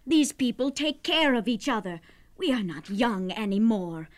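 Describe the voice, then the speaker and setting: A woman's voice: fairly high pitch, expressive, moderate pace, close to an everyday voice. A woman playing a worried, coaxing older wife. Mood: earnest. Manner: earnest, coaxing. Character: worried, persuasive aging wife. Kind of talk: radio drama acting.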